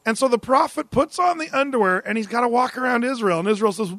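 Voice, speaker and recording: High-voiced pastor joking through a sermon. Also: male voice, fast, few pauses, no room sound. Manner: humorous, conversational, animated storytelling.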